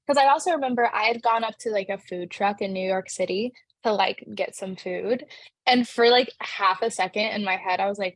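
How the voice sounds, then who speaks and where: Young actress in interview, upbeat and rambling, mid-range voice, dead-dry recording. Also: female voice, mid-range voice, brisk, fairly bright tone, no room sound. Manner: bubbly, chatty, many "like" fillers. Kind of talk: casual interview answers.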